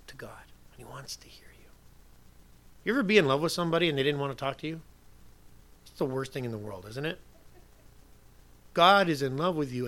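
A man preaching a sermon as pastor, emphatic, moving from soft asides to loud declarations. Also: mid-range voice.

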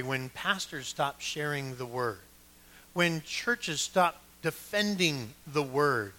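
Bright-voiced man preaching a sermon. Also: on the high side. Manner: preaching with rising emphasis and repeated phrases. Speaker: pastor. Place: church.

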